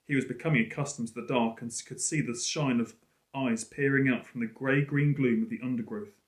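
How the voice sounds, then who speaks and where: A male teacher reading a storybook aloud in an expressive, lively way. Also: mid-range voice, a little fast. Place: school room. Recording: roomy echo.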